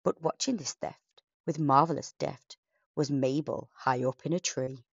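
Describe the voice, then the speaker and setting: Casting: woman, slow, lowish voice, rhyming bedtime story narration, dry and slightly lo-fi. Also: creaky, breathy edge, dry recording.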